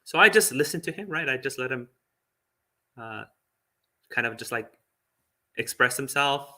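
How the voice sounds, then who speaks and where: A man's voice: mid-range voice, animated, normal speed, bright, forceful tone. A man who is a Buddhist monk telling a personal story in a chatty way, with fillers and small laughs. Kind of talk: casual storytelling talk.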